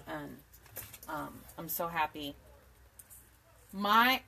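A woman in her 40s hosts a live-streamed craft tutorial from her home craft desk indoors, recorded on a camera mic at the desk. Her voice is lowish with a bright tone, and she's chatty and rambling, laughing often and greeting viewers by name.

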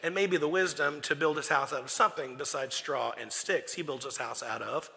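A pastor preaches to his congregation in a folksy, joking way, stopping to tell stories. His voice is bright and sharp and a little high for a man. It rings through a big church hall. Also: fairly quick, gravelly. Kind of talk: sermon. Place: church sanctuary.

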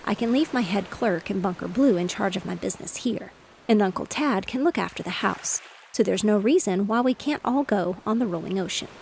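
A woman reading the part of a cheerful, reassuring father in a bedtime storybook, with a slightly gravelly voice. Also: mid-range voice, a little fast, darkish tone, a little hiss or hum, close to an everyday voice. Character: cheerful fatherly man, fish merchant.

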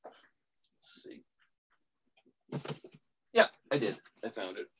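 A man's voice: medium pitch, wildly swooping pitch, takes it slowly, fairly bright tone, a little hiss or hum. A man being interviewed as a guest audio reviewer, telling rambling stories and often restarting his sentences. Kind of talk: casual interview.

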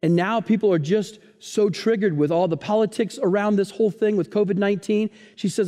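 A pastor delivers a sermon in a high, bright-edged voice, and a long reverb trails his words through the hall. He preaches in an animated way, full of playful asides and stories. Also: brisk, hardly any pauses. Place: church hall.

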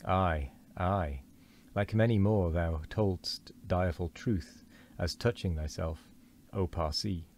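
A man reading as a grim old sea captain, deep and solemn. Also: takes it slowly, a little mellow, slight background noise. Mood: brooding. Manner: archaic solemn declamation.

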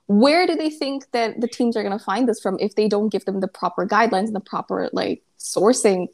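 Animated woman podcast co-host. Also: medium pitch, fairly quick. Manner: animated, questioning. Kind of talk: casual chat.

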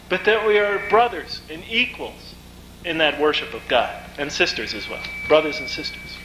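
A man giving a lecture, telling stories in a vivid, animated way. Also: a little high, a little fast, slight background noise, rough recording. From United States. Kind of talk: storytelling lecture.

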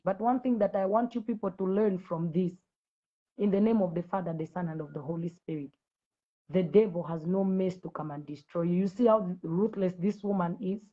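A woman's voice: mid-range voice, dark tone, lo-fi sound. Woman from zambia, preacher, livestream address, confrontational, repeats her challenges. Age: adult with school-age children. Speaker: Christian preacher on a live video.

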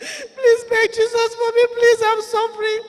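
A woman voicing a dead young woman suffering in hellfire, pleading in drawn-out sobs. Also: extremely high pitch, level tone, voice pushed up. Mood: pleading, sobbing. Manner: sobbing, begging, drawn-out pleas. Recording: echoey hall reverb.

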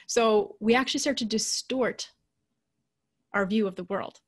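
A woman leadership coach giving a casual, animated lecture. She acts out quoted voices and keeps adding "right?". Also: medium pitch, unhurried, breathy edge. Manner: often adds "right?".

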